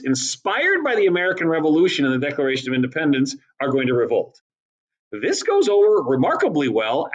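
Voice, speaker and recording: A man's voice: fairly high pitch, rough recording. A man giving a casual history lecture as a teacher, chatty and acting out quotes in exaggerated voices. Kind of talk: recorded lecture.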